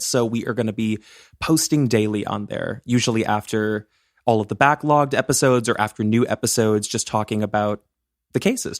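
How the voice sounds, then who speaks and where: Bubbly podcast guy, lowish voice, dry close mic, rambles and jokes around. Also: dry recording. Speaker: podcast co-host. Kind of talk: casual true-crime podcast chat.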